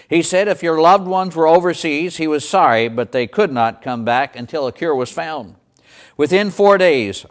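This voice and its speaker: A man delivers a sermon story in the first person. His voice sits a little high, and he tells the tale dramatically, leaning into the tension. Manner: dramatic storytelling, voicing the characters.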